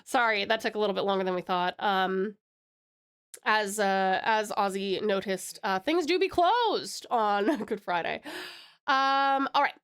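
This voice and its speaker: A woman's voice: medium pitch, animated, a little slow, a bit bright, smooth. An Australian woman from Tasmania chatting casually on a live stream, bubbly and greeting her chat with pet names.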